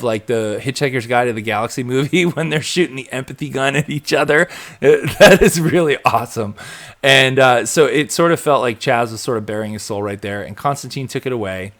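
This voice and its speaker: A man hosting a live show, chatting casually and animatedly, acting out bits as he rambles. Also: mid-range voice. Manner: rambling, animated, acts out quotes. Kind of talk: casual live recap chat.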